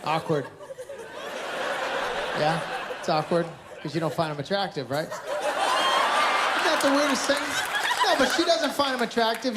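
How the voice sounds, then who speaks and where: A man doing stand-up comedy on a theatre stage, teasing audience members in a playful way. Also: high voice. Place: casino resort theatre stage. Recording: live show with crowd and background noise. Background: audience laughter.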